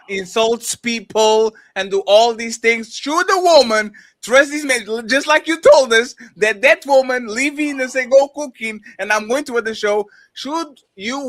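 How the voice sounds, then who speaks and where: A man with a fairly high voice talks loosely on a podcast. He rambles through his points and keeps checking in with his listeners. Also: fairly bright tone. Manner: rambling, questioning, repeats "you see what I'm saying". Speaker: podcast co-host. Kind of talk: casual debate chat.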